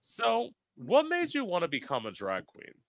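A man hosting an interview, chatting quickly and casually, with some swearing. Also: high-pitched, huge pitch swings, dry recording. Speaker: podcast host, drag performer. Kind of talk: casual chat.

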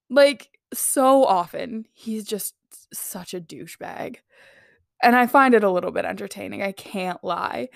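A woman's voice: mid-range voice, dry recording, studio quality. A young woman hosting a podcast alone, chatting casually and sarcastically, with lots of "like" and giggles. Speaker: podcast host. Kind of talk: casual solo podcast chat.

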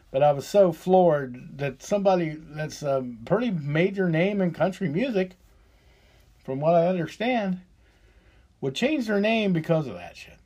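A man's voice: fairly high pitch, a little mellow. Profane ranting man in his fifties. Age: 50s. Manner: profane, heated and sarcastic. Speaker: podcast host. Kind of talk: opinionated solo rant.

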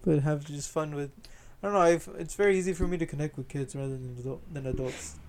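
A man's voice: a little high, fast, a little mellow. A young man chatting casually with friends, laid-back, swearing freely and laughing often. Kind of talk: casual chat.

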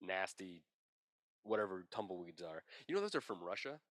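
A man's voice: low voice, sing-song, moderate pace, a bit bright, no echo. A man co-hosting a casual comedy podcast, rambling and spinning absurd tall tales with a straight face. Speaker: podcast co-host.

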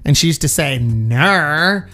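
A man's voice: on the high side, lively intonation, moderate pace, soft background music. A man co-hosting a comedy podcast in casual, jokey banter. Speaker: podcast co-host.

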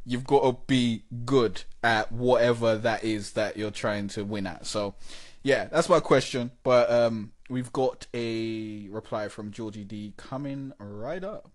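Chatty male podcast host. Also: mid-range voice. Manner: chatty, animated, laughs often. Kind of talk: casual podcast monologue.

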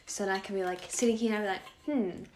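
A young woman co-hosting a podcast in casual chat, playful and quick to laugh. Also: mid-range voice, fairly even intonation, darkish tone, slight background noise. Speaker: podcast co-host.

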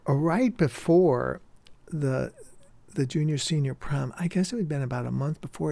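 An older man telling stories from his high school years, rambling and halting, with restarts and chuckles. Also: vocal fry, darkish tone. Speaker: storyteller recalling his youth. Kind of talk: personal reminiscence.

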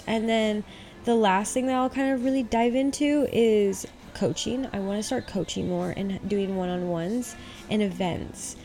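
A woman hosting a podcast in relaxed, rambling casual chat, a bit tired and high, full of fillers. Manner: laid-back, rambling, many fillers. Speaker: podcast host.

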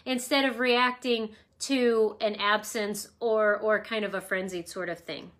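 A woman's voice: medium pitch, steady tone, measured pace, a bit bright. A woman hosting an emotional wellness talk at home, teaching in a rambling, reflective, conversational way with personal stories. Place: at home with her dog nearby.

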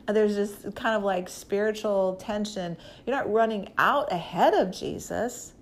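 A woman's voice: medium pitch, a little slow. A woman preacher with an ordinary mid-range voice teaching from the Bible in a loose, conversational way. She talks straight to her listeners and presses her points with emphasis, leaning in on what she repeats. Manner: emphatic, direct address to listeners.

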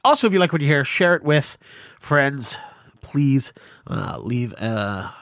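A man's voice: medium pitch, big pitch swings, unhurried, fairly bright tone, no echo, clean studio sound. A man hosting a podcast interview in casual chat, rambling in a self-conscious, apologetic way. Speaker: podcast host.

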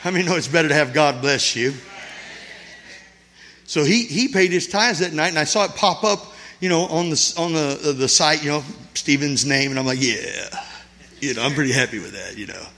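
A middle-aged male pastor, preaching a sermon, rousing the church to shout amen and then telling folksy family stories. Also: a little high, moderate pace. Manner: exhorting, calls for shouts and amens; folksy storytelling with his congregation.

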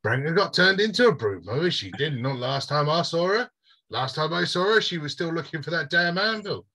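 A man with a British accent voicing a lost, weary male dwarf survivor in his own bright, husky voice, blunt and rambling. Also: fairly high pitch, animated, a little fast, voice pushed up, heavily acted. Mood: musing. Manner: blunt, rambling, swears freely. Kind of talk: game master voicing a character.

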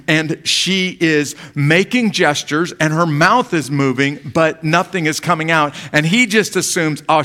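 Male pastor, earnest sermon, pleading tone, loud surges, soft low phrase endings. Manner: earnest, pleading preaching that swells when reading scripture.

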